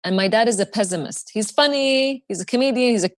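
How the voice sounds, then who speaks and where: A woman's voice: a little high, fast talker, no room sound. A woman in her thirties from Kuwait, a podcast guest telling a personal story with animation, acting out dialogue and swearing freely. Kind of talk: emotional personal storytelling in conversation.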